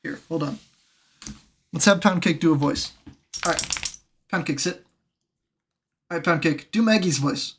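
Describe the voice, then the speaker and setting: A woman's voice: low-pitched, unhurried, long pauses. A woman streaming from her room at home, chatting casually and talking in doting, playful baby talk to her pet. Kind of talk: casual live-stream chat.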